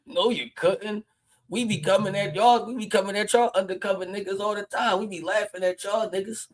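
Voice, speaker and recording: A man with a Philadelphia accent hosting a casual livestream, brash and loud, trash-talking and laughing often. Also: high voice, fairly even intonation, normal speed, low-quality recording. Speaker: livestream host.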